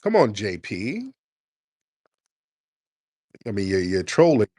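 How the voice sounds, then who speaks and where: A man hosting a call-in show, taunting a caller with mocking, drawn-out repeated questions. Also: fairly low pitch, huge pitch swings, mellow, breathy edge. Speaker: host of a call-in talk show. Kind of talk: confrontational call-in radio talk.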